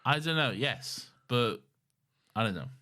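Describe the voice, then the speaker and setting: A man co-hosting a podcast in casual chat, animated and sweary, paraphrasing scenes in quick mock voices. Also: medium pitch. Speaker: podcast co-host.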